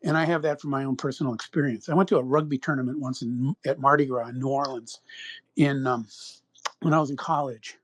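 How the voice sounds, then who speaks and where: A man's voice: medium pitch, steady tone, fairly quick. A middle-aged man from Minnesota, co-hosting a podcast and telling a long, rambling personal story. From Minnesota, USA. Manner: rambling, acts out quoted voices. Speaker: podcast co-host. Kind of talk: casual anecdotal storytelling.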